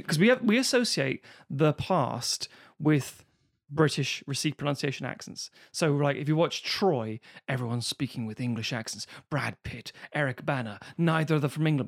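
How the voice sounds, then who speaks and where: A man's voice: fairly high pitch, gravelly. A man chatting casually as a podcast co-host, rambling and swearing freely. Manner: rambling, swears freely, slips into mock voices. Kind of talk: casual chat.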